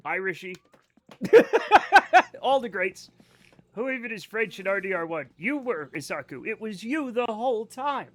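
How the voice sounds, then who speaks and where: Brief: male game streamer with a high voice, chatting to viewers, loose, profane and rambling. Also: expressive, moderate pace, a bit bright. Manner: rambling, profane, joking asides to chat. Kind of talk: casual live-stream chat with viewers.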